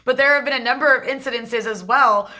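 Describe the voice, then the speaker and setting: A woman's voice: high voice, brisk, pushed and bright. A woman hosting a political talk show, delivering emphatic commentary in long run-on stretches. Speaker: show host.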